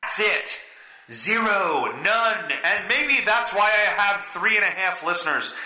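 Stuffy-nosed male podcast host, bright voice, swearing and self-mocking. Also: sits high, lively intonation, a little slow, roomy sound. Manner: profane, self-deprecating, rambling. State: stuffy nose. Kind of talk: casual rambling monologue.

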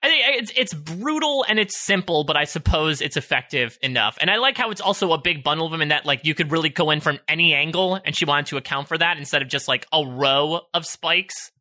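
A man co-hosts a casual podcast with a high, very bright voice that rises and falls a lot. He talks playfully and animatedly, often joking and acting out bits. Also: a little fast, few pauses. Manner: playful, animated, jokes and acts out characters. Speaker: podcast co-host recapping a TV series. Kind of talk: casual chat.

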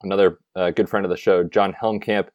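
Man, podcast co-host, low voice, dry close mic, upbeat casual chat. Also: fairly even intonation, fairly quick, no room sound, dull audio.

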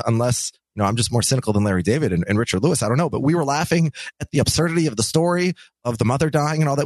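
Lively, halting man on a podcast. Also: on the high side, no echo. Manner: hesitant, many fillers and restarts. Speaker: podcast co-host. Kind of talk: casual chat.

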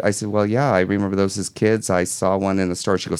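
A man from Michigan, a holiday decorator telling animated anecdotes as a guest on a casual talk show. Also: fairly low pitch, fast talker. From Midwest US, Michigan. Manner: animated anecdote teller, acts out quotes.

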